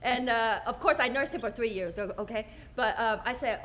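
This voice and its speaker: A woman's voice: fairly high pitch, a little fast, few pauses, a bit bright. A woman doing a stand-up comedy set, chatty and self-mocking, who acts out other people's lines as she talks. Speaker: stand-up comedian and show producer.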